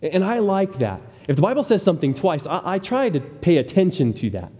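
A man's voice: high voice, very animated, brisk, mellow, slightly rough. A man preaching a sermon as a pastor, speaking earnestly and often repeating words as he starts a thought. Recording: long hall reverb.

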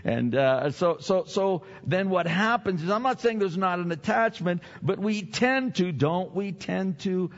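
A man's voice: sits high, expressive, moderate pace, hardly any pauses. An older man preaching a sermon as pastor, chatty and self-deprecating, often repeating his words. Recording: dull sound with long hall reverb.

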